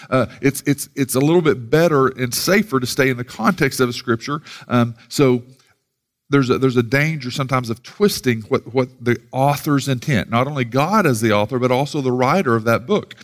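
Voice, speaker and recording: A man giving a sermon as a pastor, talking in a loose, casual way with many fillers and restarts. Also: mid-range voice.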